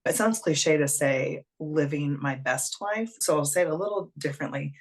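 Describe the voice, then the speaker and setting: A woman coach as a podcast guest, speaking in a thoughtful, deliberate way. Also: deep voice. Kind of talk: reflective casual chat.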